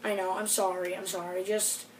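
A woman hosting a gameplay video, chatting casually in a rambling, excitable way and apologising often. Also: medium pitch, moderate pace, distant mic, a little hiss or hum. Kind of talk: casual game commentary. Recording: roomy sound from off the mic with music behind.

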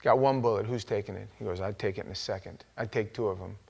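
A man preaching a sermon as pastor, telling stories in an animated way and acting out quoted voices with sudden loud outbursts. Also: on the low side, fast, vocal fry, husky. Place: church sanctuary.

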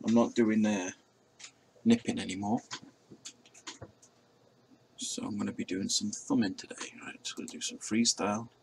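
Indoors at a table, a man who vlogs as a drone pilot gives offhand commentary while flying a simulator, teasing himself and cursing occasionally. His voice is on the low side, level and a little mellow, with vocal fry, normal speed, and frequent pauses, over slight background noise.

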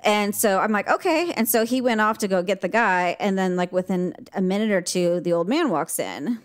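A woman's voice: mid-range voice, normal speed, clean tone. A woman co-hosting a podcast, telling a story in casual chat and acting out the quotes with lots of laughter. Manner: animated storyteller, acts out quotes, laughs often. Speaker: podcast co-host.

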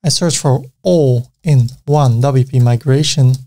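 A man with a Dutch accent, a native Dutch speaker, hosting a screen-recorded software tutorial, narrating each click step by step with casual asides. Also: medium pitch, slow. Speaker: tutorial host.

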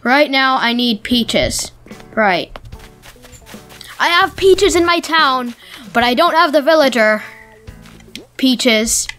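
High-voiced, excitable woman gamer. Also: takes it slowly, pauses often. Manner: excitable, talks to game characters. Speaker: let's play host. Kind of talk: casual gameplay commentary. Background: faint game music.

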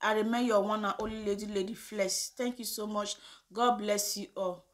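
A woman's voice: medium pitch, little pitch movement, normal speed, a little hiss or hum. A woman with a Nigerian accent hosting her own vlog, giving her opinion in an impassioned, indignant way and slipping between English and Pidgin. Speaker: vlogger host. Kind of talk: casual opinion vlog rant.

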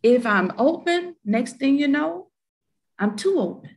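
A woman with a Southern US accent speaking on a panel, animated and emphatic, often checking in with "right?". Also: high-pitched, a little slow. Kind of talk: candid panel discussion.

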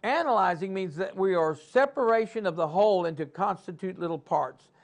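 High-voiced preaching man. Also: a little fast. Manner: preaching with call-and-response, swinging between loud and soft. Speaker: pastor. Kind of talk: sermon.

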